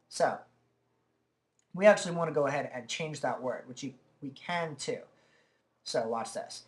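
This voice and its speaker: A man giving a relaxed, chatty walkthrough of software at his computer, talking into a desk microphone and filling pauses with "uh" and "okay". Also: on the high side. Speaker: software tutorial presenter. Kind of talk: casual screen-recorded software demo.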